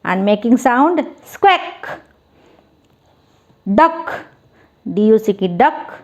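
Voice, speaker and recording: Slow-spoken woman teaching young children. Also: a little high, big pitch swings, dull audio. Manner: simple non-native English, spells words letter by letter. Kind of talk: children's textbook lesson.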